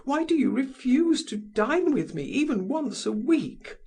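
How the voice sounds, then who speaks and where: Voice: animated, measured pace, darkish tone, full character voice. A single audiobook reader voicing a desperate, lovesick middle-aged society woman in a raised, pleading voice. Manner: pleading, high-pitched and breathy. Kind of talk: audiobook character voice.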